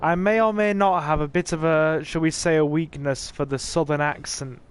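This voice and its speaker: During a horror game livestream, a man with a fairly high, steady voice and clean tone talks at normal speed. His commentary is laid-back: he chats with viewers and reads their comments aloud, tossing in jokey asides.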